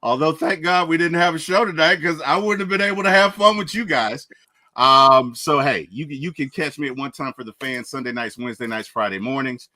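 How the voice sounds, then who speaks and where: A man chatting casually on a sports podcast, playful and quick to laugh, signing off with where to find his shows. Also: a little high, dry recording. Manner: laughs often, animated and playful. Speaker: podcast guest host.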